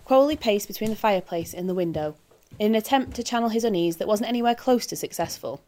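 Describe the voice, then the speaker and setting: A woman reading a fan fiction story aloud as narrator, in a steady storytelling manner. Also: medium pitch, fast talker. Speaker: audiobook narrator. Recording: background hiss.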